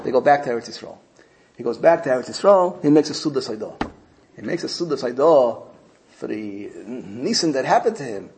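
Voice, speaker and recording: A man's voice: medium pitch, a little fast. A man telling a story to a group, repeating phrases as he goes. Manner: animated, repeats phrases, acts out quotes.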